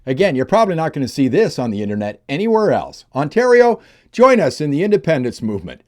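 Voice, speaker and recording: Fiery ranting man, animated pitch. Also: fast talker. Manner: heated, emphatic ranting. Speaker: political commentator. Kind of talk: opinion vlog commentary.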